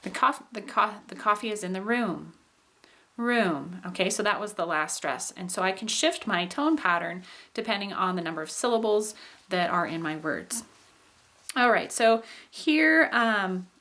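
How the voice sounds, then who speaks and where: A woman's voice: medium pitch, a bit bright. A woman teaching a recorded phonetics lesson, explaining in a patient way with frequent fillers and acting out example sentences. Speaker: instructor.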